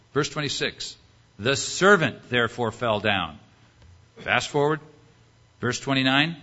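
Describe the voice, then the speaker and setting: A man's voice: mid-range voice, bright, forceful tone, dull audio. A man preaching a sermon, reading scripture and acting out its characters with rhetorical questions.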